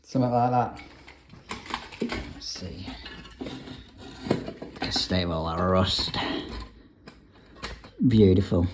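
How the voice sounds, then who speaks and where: This is a young English tradesman narrating his own plumbing job indoors, chatty and wryly fed up. His voice sits very low. A faint hiss hangs behind him. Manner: chatty, dry grumbling asides while working. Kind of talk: casual work vlog narration.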